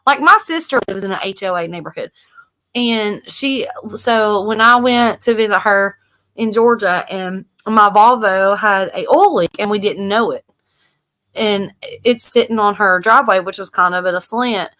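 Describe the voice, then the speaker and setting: A woman from the American South co-hosting a live stream, telling stories in animated casual chat and swearing freely. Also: mid-range voice, moderate pace.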